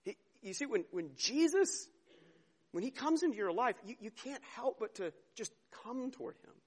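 An earnest male pastor with a fairly high, husky, darkish voice preaches a sermon at normal speed in a sing-song way. He swings from near-whispered tenderness to ringing emphasis, stumbling over and repeating words as feeling carries him.

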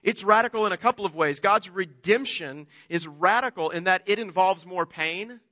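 A man's voice: sits high, normal speed, pushed and bright, highs cut off. A man preaching a sermon, retelling a story earnestly and often repeating words as he restarts his phrasing.

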